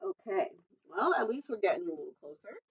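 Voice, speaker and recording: A woman's voice: medium pitch, very animated, fairly quick, far from the mic, a little hiss or hum. A children's librarian, a woman, reading a picture book aloud at storytime and chatting playfully with the kids. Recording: dull lo-fi recording.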